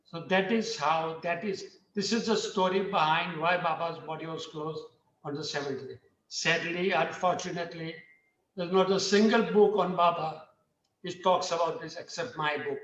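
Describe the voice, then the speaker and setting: Heard over a roomy, distant, dull video call, another panel speaker recounts a story with sincerity and keeps repeating his phrases. His voice is on the higher side, a bit bright, with fairly even intonation and a moderate pace.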